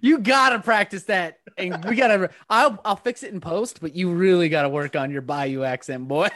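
A man's voice: sits high, moderate pace, fairly bright tone. A man co-hosting a podcast, easygoing and playful in casual banter. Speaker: podcast co-host.

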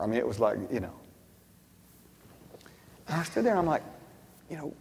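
Man, preacher, storytelling sermon, quiet asides then loud emphatic bursts, long hall echo. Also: high-pitched, expressive, quick pace, slightly rough.

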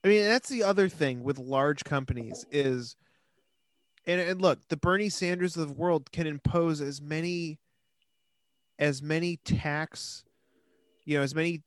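An opinionated man co-hosts a podcast and argues his views firmly in casual chat. His voice sits a little high for a man. It is recorded close and dry, with no room sound. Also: measured pace, long pauses, dry recording. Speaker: podcast co-host.

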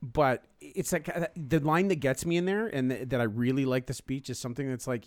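A man's voice: mid-range voice, steady tone, a little fast, few pauses, no room sound, studio quality. A man in his forties co-hosting a podcast in casual banter, laughing often and swearing through rambling asides. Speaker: podcast co-host.

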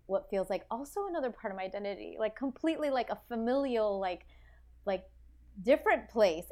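An American woman guest on a podcast, talking in a casual, reflective way with lots of "like" and restarts. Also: medium pitch. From United States. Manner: animated, reflective, full of "like" and restarts. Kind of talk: casual interview chat.

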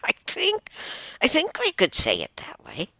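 A woman's voice: high-pitched, huge pitch swings, unhurried, sharp tone, dry recording. A woman hosting a casual solo talk show, rambling and exclaiming with chuckling asides. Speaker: host.

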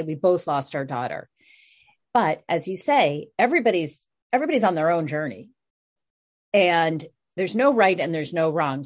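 A middle-aged woman speaking earnestly and softly as a guest in a reflective conversation, often restarting her words. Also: lowish voice. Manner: soft-spoken, earnest, with frequent restarts.

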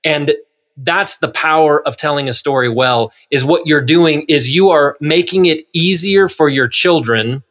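A man's voice: fairly high pitch, a little slow, a bit bright. Earnest, explanatory male podcast co-host. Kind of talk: casual chat.

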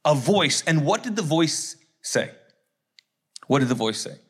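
Joking, high-voiced male pastor. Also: lively intonation, measured pace, breathy edge. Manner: joking, conversational, acts out voices of others. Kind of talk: sermon.

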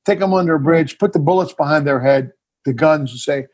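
Husky-voiced man telling a story animatedly. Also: a little high, a little fast. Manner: animated storyteller who acts out scenes. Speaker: filmmaker guest. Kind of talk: casual interview chat.

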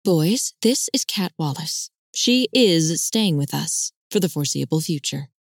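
Woman playing firm motherly matron, commanding, low voice, audiobook. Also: expressive, measured pace, darkish tone, breathy edge, dry recording, clean studio sound. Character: firm motherly older woman, head of the house.

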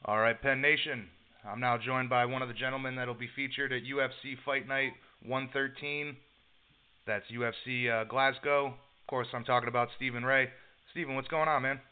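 A man's voice: medium pitch, steady tone, moderate pace, clean tone, dry recording. A man hosting a combat sports radio show, recapping the week's news in a casual, brash manner before interviewing a fighter. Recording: dry phone-quality line.

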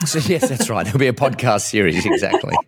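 A man's voice: mid-range voice, very animated, quick pace, breathy edge. A man hosting a podcast interview, talking candidly and rambling in a self-reflective way. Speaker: podcast host.

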